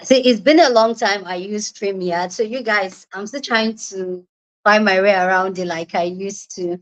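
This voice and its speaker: A woman from Nigeria, hosting a casual live-stream chat from a room at home and squealing and shouting when excited. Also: mid-range voice, moderate pace, rough recording. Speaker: livestream host.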